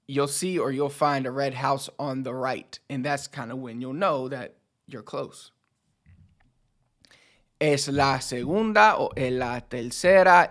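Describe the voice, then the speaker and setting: Chill guy teaching phrases, easygoing lesson talk, mid voice. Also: mid-range voice. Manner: relaxed, explains with fillers like "so" and "like". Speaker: language teacher. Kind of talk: casual language lesson.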